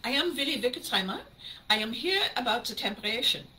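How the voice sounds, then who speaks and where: A woman putting on a German accent to voice an earnest, formal male repairman speaking halting English. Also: a little high, animated, bright, forceful tone, a little hiss or hum, pitched above the performer's own voice.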